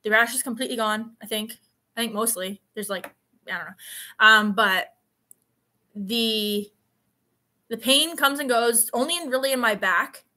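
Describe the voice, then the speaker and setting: Bright-voiced chatty young woman. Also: fairly high pitch, measured pace, pauses often. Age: 20s. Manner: chatty, rambling storyteller with many fillers. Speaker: vlogger. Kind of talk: casual live stream chat.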